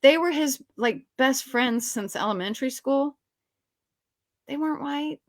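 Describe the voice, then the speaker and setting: A woman guest with a slightly high voice, chatting through behind-the-scenes stories. She talks loosely, with lots of "you know" and "like". The sound is dry and close. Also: unhurried, dry recording. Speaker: actress guest. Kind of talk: casual storytelling interview.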